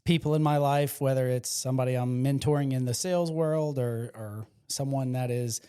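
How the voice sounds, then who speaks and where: This South Louisiana podcast guest has a smooth, medium-pitched voice and talks at a normal pace. Chatting casually, he spins stories with passion and excitement, performing the voices of anyone he quotes.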